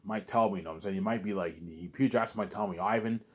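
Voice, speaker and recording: A man's voice: deep voice, rapid-fire, slightly rough. A man rambling through a casual monologue, repeating himself and drifting into talking to himself. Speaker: vlogger.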